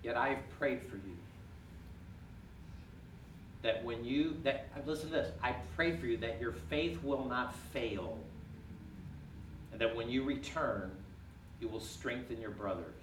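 A man's voice: mid-range voice, unhurried, long pauses, background noise. Roomy distant male preacher. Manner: rises to emphatic peaks, then drops quiet and intimate. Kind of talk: sermon. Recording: echoey room, from far off.

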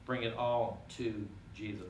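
A man preaching a sermon, rising to emphatic peaks and dropping quiet and intimate. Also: fairly low pitch, fairly even intonation, unhurried, a little hiss or hum. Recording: echoey room, from far off.

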